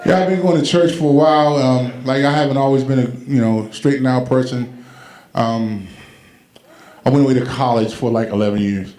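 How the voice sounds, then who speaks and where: A man's voice: medium pitch, normal speed, crowd noise. Man telling stand-up stories on stage. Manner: animated, acts out quotes with loud shouted punchlines. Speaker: stand-up comedian. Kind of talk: stand-up storytelling. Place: comedy club stage.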